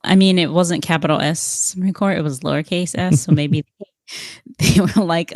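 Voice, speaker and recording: Podcast co-host, woman, lower voice, measured explainer who keeps asking her partner questions; dead-dry close mic. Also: steady tone, darkish tone, no echo.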